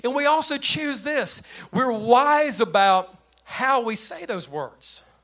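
An older man preaching with a high voice that sits well above most men's. His tone is bright and forceful, and he talks in a lively, plain way to his congregation. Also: slow pace. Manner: animated preacher with a light, high voice and plain speech. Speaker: pastor. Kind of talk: sermon.

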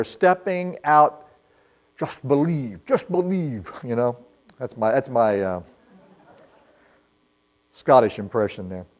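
A man's voice: fairly high pitch, a little mellow. A man preaching a sermon in an earnest, conversational way, asking his listeners questions. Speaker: pastor. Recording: dull lo-fi sermon recording.

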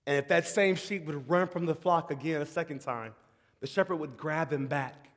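A man preaching a sermon, moving between shouting excitement and hushed, tender tones and often calling the audience "y'all". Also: a little high, moderate pace. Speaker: pastor. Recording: long hall reverb.

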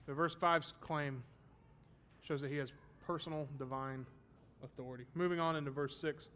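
A man's voice: a little high, fairly even intonation, moderate pace, a bit bright, a little hiss or hum. A man teaching a Bible study class, explaining terms and checking that his students follow, with the odd self-deprecating joke.

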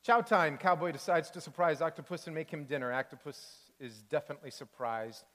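A man, a pastor, reading a children's storybook aloud in a sermon with expressive, animated delivery. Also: a little high, brisk, big-room sound.

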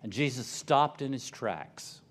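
A male pastor preaching a sermon, retelling the story with animated storytelling and repeated phrases. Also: medium pitch, a little slow.

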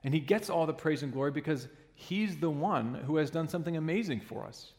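A man's voice: fairly high pitch, a little fast, a little mellow, long reverb tail. A man preaching a sermon in a church, earnest and emphatic, sometimes restarting a phrase.

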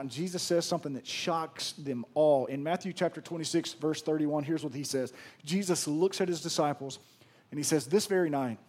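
A man preaching a sermon as pastor, casual and conversational, swinging from loud emphasis to hushed, quiet lines. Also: a little high.

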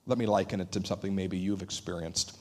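Male pastor, sermon, low-pitched voice, earnest, hushed emphasis, animated quoted dialogue. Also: fast, breathy edge.

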